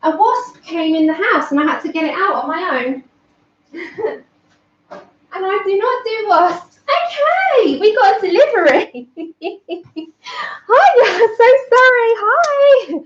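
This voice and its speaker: A woman's voice: very high-pitched, animated, takes it slowly. A woman hosting a live colouring stream from home, chatty and apologetic, laughing often and greeting viewers by name while a little out of breath. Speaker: livestream colouring host. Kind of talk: casual live-stream chat. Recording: dull lo-fi stream audio.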